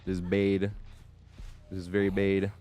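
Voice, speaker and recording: A man's voice: sits low, completely flat delivery, measured pace, dark tone. A man streaming a game live, chatting casually with viewers, swearing freely and laughing often as he reacts to play.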